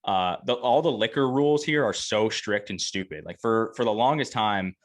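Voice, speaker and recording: A man's voice: fairly low pitch, normal speed. A man from the American Northeast co-hosting a podcast, joking and talking emphatically in casual chat. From Connecticut, Northeast US. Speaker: podcast co-host.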